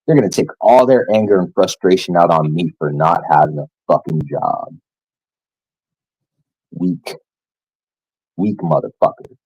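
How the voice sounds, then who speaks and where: A man's voice: sits low, measured pace, long pauses, darkish tone, husky, dry recording, poor audio. A man ranting angrily and profanely to his viewers in a scornful vlog tirade. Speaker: vlogger. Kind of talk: angry rant to camera.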